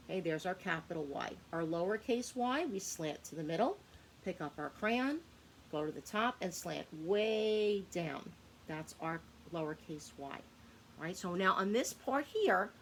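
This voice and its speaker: A woman whose voice is on the low side and fairly bright patiently sounds out words for young children in a phonics lesson, asking questions and supplying the answers. Slight background noise is present.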